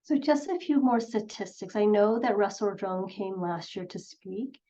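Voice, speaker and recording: A woman's voice: mid-range voice, moderate pace, mellow. A middle-aged woman, a clinical psychologist, giving an earnest presentation and telling patient stories with quoted voices. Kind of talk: presentation talk. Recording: slightly dull lo-fi sound.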